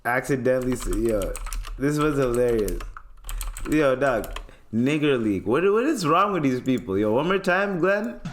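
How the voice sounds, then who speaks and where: A male podcast host goes on an animated, casual comedic rant, cursing freely and laughing a lot. His mid-range voice keeps a moderate pace over slight background noise.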